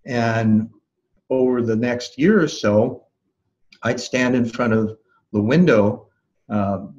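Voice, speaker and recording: A man being interviewed as a life coach, recounting a memory in a calm, thoughtful way with soft laughs and restarts. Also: mid-range voice, takes it slowly, lo-fi sound. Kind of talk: reflective interview storytelling.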